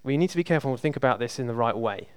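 A man's voice: mid-range voice, lively intonation, racing, clear, resonant tone, no room sound. A man preaching a sermon in a conversational, emphatic way, repeating words for emphasis.

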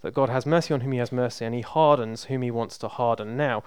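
Male preacher, conversational and emphatic; clear, resonant voice, dry close sound. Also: medium pitch, fast talker, dry recording. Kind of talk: sermon.

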